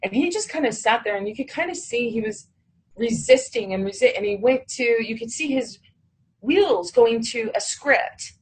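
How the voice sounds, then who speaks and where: A woman's voice: on the high side, animated, moderate pace, breathy edge, low-quality recording. A woman recounting a personal story, acting out the dialogue of others and cursing when heated.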